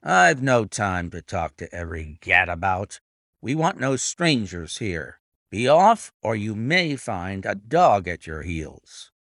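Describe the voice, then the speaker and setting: A man voicing a fierce, bullying elderly horse trainer in a read-aloud detective story, talking loudly and bluster-heavy. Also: fairly low pitch, very animated, slow, dry recording, studio quality, heavily acted. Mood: angry. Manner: loud and blustering.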